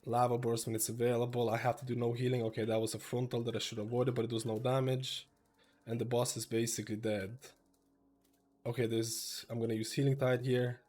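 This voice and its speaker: A young man with a slightly stuffy nose, giving casual gameplay commentary that jumps from steady explaining to excited bursts. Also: medium pitch, a little fast, faint music behind. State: slightly stuffy, a little sick. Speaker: gameplay streamer.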